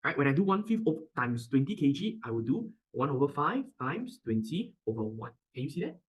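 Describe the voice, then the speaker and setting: A man's voice: on the high side, big pitch swings, brisk, rough recording. A male math tutor with a Singaporean English accent who teaches animatedly and keeps asking if the class understands.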